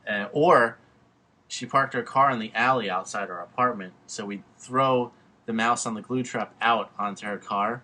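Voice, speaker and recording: A man with a New York accent, with a bright, forceful voice, trading loud jokes on a casual podcast. He swears freely and needles his friend. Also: fairly low pitch, moderate pace. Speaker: podcast host.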